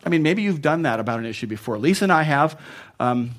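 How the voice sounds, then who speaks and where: Preaching quickly in a slightly high, expressive voice, this pastor keeps things conversational and laughs at his own side remarks. He alternates between forceful emphasis and quiet, hushed moments.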